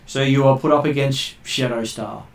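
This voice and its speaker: A man's voice: medium pitch, fairly even intonation, normal speed. A man narrating as game master, hesitant, with many ums and uhs. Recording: roomy, distant mic.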